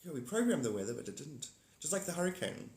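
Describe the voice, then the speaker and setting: A man's voice: a little high, big pitch swings, fast, a little mellow, roomy sound. A man in his forties, hosting a casual livestream chat, rambling and repeating himself while greeting viewers by name. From South Africa. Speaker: livestream host.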